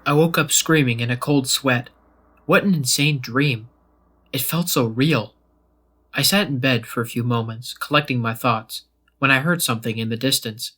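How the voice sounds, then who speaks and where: A man telling a first-person horror story as scripted narration, in a steady, measured way. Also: mid-range voice. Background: faint background music.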